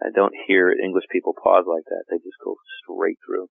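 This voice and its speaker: A middle-aged male actor chatting casually in an interview, relaxed and laughing often. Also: low-pitched, moderate pace, creaky, no room sound. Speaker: actor guest. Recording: tinny phone-like line.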